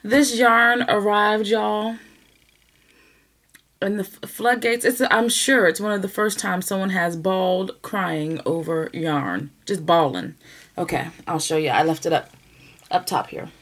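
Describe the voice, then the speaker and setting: A talkative woman with a drawl, chatting to her viewers in a relaxed, animated way. She laughs often as she goes along, and her pitch sits right in the middle. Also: measured pace. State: emotional, near tears at times. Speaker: knitting podcast host. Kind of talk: casual chat to camera.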